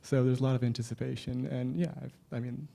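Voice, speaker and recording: Man, quick casual talk, gravelly voice, mellow tone, cinematographer on panel, lots of fillers. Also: medium pitch. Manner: fast and excited, full of "like" and "you know".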